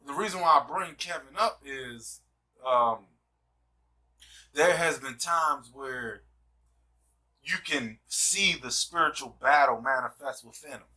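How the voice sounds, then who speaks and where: A man talks in an emphatic, preaching manner with a very bright, forceful tone. He keeps checking in with his listener as he builds his points. His voice sounds a little far from the mic. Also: medium pitch, slow, long pauses. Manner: emphatic, repeats "you see what I'm saying". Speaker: host. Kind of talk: casual discussion, preacher-like.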